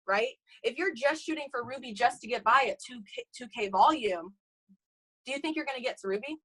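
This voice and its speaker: A young woman giving an energetic motivational talk to her sales team, calling out "you guys" and "okay?" all the time. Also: a little high, brisk, rough recording. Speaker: network marketing team leader.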